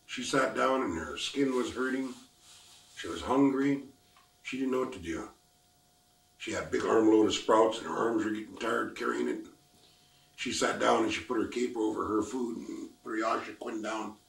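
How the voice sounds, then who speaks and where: An elderly man from the Lummi Nation telling a traditional story in simple, repetitive, unhurried phrasing. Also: lowish voice, vocal fry. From Lummi Nation, Washington, US. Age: older. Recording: echoey room, distant mic.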